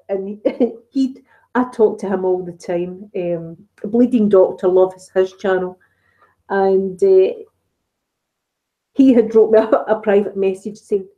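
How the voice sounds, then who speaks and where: Middle-aged Scottish woman, ASMR host, casual live-stream chat, mellow warm tone, chatty storyteller who laughs often. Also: medium pitch, muffled recording.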